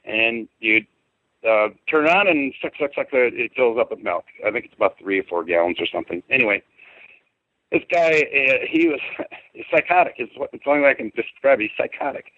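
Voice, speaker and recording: A middle-aged man calls in to tell a personal story, rambling and colloquial and hitting his words hard. His voice sits at an ordinary pitch and comes through a thin, tinny phone line with no room sound at all. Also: lively intonation, brisk, no room sound. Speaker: podcast guest. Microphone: phone call.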